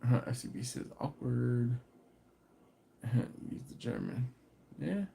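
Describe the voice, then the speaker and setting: A man hosts a barbecue live stream, reading out viewer comments and answering them in easygoing, casual talk. He laughs readily and his voice climbs when something annoys him, turning into animated, exasperated rants. His pitch sits in an ordinary middle range for a man. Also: moderate pace, creaky, slight background noise. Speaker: barbecue channel host.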